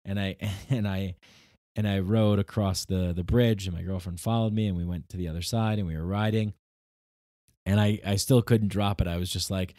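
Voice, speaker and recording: A man's voice: sits low, fairly even intonation, moderate pace, dark tone, no echo, studio quality. A man hosting his own podcast, telling a personal story in a rambling, casual way with many restarts and acted-out quotes. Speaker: podcast host.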